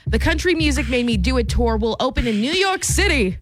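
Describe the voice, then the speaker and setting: A woman's voice: high voice, lively intonation, a little fast. A woman co-hosting a country radio morning show, reading entertainment news and joking around. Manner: playful, jokey.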